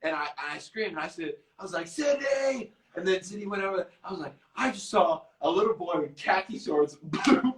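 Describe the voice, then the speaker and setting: A young man hosting a livestream who talks in animated, slangy bursts with sudden loud outbursts. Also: sits high, a little fast, hardly any pauses, roomy sound, far from the mic, low-quality recording. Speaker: livestream host. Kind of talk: casual group chat on a livestream.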